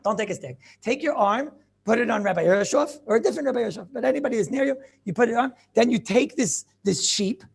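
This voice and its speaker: Gravelly-voiced rabbi teaching a lively class. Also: male voice, very high voice, quick pace. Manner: animated, full of rhetorical questions and asides. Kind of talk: lively Talmud lesson to students.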